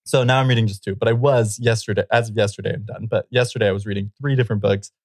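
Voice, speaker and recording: Man, podcast co-host, low voice, dry close mic, loose rambling delivery with frequent laughs. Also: rapid-fire, no room sound. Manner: laughs often, rambling and animated. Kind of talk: casual chat.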